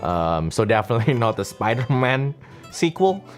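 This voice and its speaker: A young man from Indonesia, chatting casually and playfully as a streamer answering viewer questions, with tiny guitar music behind him. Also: normal speed. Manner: playful, teasing, often jumps into a high excited voice. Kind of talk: casual chat. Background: faint guitar music.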